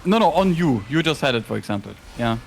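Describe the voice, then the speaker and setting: Man, casual halting game coach, slight background noise. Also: mid-range voice, big pitch swings, gravelly. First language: German. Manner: halting, restarts, explains mechanics.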